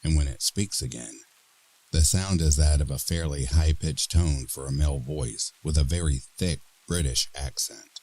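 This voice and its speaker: A man narrating a horror story in a dramatic, expressive reading style. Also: very deep voice, moderate pace.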